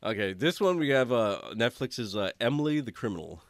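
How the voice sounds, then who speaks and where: Animated man telling stories with lots of swearing. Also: medium pitch, brisk, no echo, studio quality. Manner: animated storyteller, swears, laughs often. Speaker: podcast co-host. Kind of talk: casual movie review chat.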